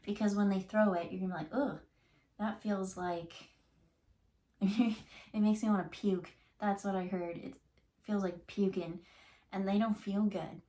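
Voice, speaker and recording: A woman's voice: mid-range voice, steady tone, normal speed, warm tone. A woman giving a casual tarot reading, talking in a chatty, rambling way full of fillers and restarts. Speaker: tarot reader.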